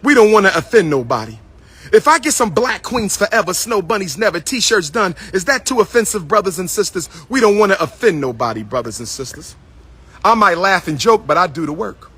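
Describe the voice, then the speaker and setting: Playful high-voiced man riffing on a livestream. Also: very animated, brisk, pushed and bright, breathy edge. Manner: playful, repetitive, sing-song calling out to viewers. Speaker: livestream host. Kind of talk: casual livestream talk to viewers. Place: indoors at his school building.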